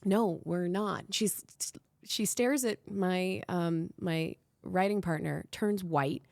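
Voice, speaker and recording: Woman host, low-pitched voice, animated candid storytelling, swears freely, acts out quotes. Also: slow, gravelly. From Miami, Florida. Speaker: podcast host.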